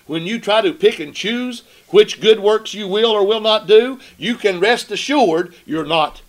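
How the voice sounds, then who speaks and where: Emphatic preacher, a man. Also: high-pitched. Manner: emphatic, rhetorical questions, slows for scripture. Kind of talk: sermon.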